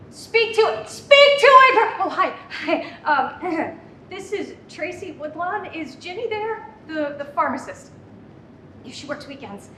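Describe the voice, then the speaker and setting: A high-pitched, flustered middle-aged mother, as a woman plays her on stage, stammering through restarts while juggling a call, her old mother and a toddler. The voice sits back from the mic in an echoey room. A steady noise runs under the live sketch recording. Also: heavily acted. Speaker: comedic actor. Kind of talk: live comedy sketch monologue. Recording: roomy, distant, noisy live recording.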